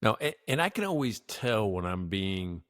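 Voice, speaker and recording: Low-voiced man chatting, dry sound. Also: big pitch swings, moderate pace, a bit bright, no room sound. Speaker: podcast co-host. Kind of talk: casual chat.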